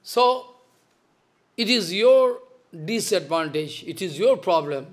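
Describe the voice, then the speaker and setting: Stern man, lively high voice. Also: takes it slowly. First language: Bengali. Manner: stern, scolding, repetitive. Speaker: spiritual teacher. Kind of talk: devotional lecture.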